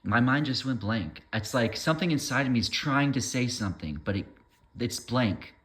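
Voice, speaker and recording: Rambling man, bright lively voice. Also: mid-range voice, normal speed. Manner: rambling, trails off and restarts, keeps saying never mind. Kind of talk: rambling opinion monologue.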